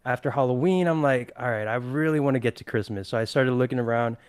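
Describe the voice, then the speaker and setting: A man's voice: medium pitch, quick pace, clean tone, no echo. A young man co-hosting a podcast stream, telling rambling, easygoing stories in casual chat. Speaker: podcast co-host.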